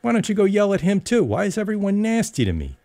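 A man voicing a spoiled, quick-tempered young woman who argues in a sharp, exasperated, whiny way and ends up crying. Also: sits high, huge pitch swings, dry recording, voice pushed up, full character voice. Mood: tearful.

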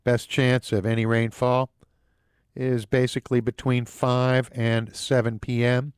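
A man delivers local news, sponsor reads and the weather in a casual, lively host manner, tossing in wry, jokey asides. His voice sits at an ordinary middle pitch, recorded close and dry with no room sound. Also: dry recording.

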